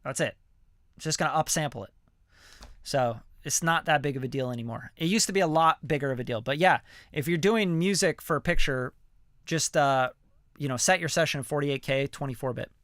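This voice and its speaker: A man's voice: on the high side, a little fast, a bit bright, dry recording, clean studio sound. A man, a music producer, answering viewer questions in a loose, slangy livestream chat full of fillers. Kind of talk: casual livestream Q&A.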